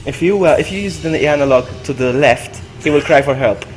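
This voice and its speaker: A man streaming a co-op game, chatting excitedly with his partner and repeating himself as he reacts. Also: a little high, a little fast, soft background music. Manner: excitable, yelps and laughs often, repeats himself. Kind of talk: excited gaming commentary.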